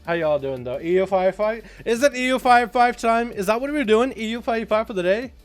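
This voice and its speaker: A man chatting casually on a game livestream, loose and profane, telling stories with animated swings in energy. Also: sits high, quick pace. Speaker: game streamer. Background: faint background music.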